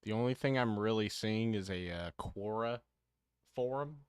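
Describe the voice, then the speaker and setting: A man's voice: on the low side, moderate pace, clear, resonant tone, dry recording, studio quality. A man hosting a livestream, talking casually and hesitantly with many fillers. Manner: rambling, hesitant, full of fillers. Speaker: livestream host.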